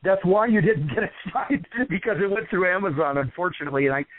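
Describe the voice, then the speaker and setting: A man's voice: high voice, fast talker, slight background noise. A man who trains wrestlers, guesting on a radio interview and telling rambling stories full of fillers. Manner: rambling, lots of fillers, animated storytelling. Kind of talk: casual radio interview over the phone. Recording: tinny phone line, dry.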